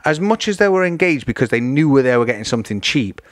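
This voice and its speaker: A man chats casually on a podcast, an animated storyteller who slips into other people's voices as he goes. His voice sits at a middling pitch, and the recording is close and dry, with no room around it. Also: fast, no echo. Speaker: podcast guest. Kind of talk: casual chat.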